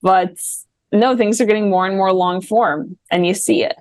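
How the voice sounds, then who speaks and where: A woman's voice: mid-range voice, normal speed, a little mellow, no echo. A woman speaking as a podcast guest in casual chat, thoughtful and academic in how she talks.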